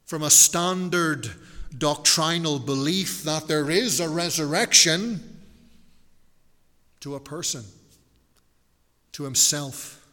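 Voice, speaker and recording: A long reverb tail follows this male pastor's fairly high, sharp voice as he preaches in church. He is earnest and emphatic, repeating key words and drawing out the stresses.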